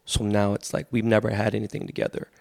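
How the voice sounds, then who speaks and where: A man's voice: lowish voice, completely flat delivery, creaky, darkish tone, no echo, studio quality. A man in his forties, a podcast guest, telling rambling stories full of fillers. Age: 40s. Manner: fast, rambling storytelling with many fillers. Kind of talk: casual podcast chat.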